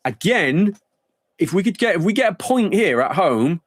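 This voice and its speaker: A man's voice: high-pitched, sing-song, moderate pace, no room sound. A man streaming a football management game live, thinking aloud in a rambling, casual way.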